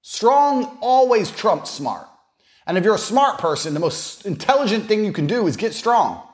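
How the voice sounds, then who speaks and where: Swaggering, lively-voiced profane man. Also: mid-range voice. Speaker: podcast speaker. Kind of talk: boastful monologue.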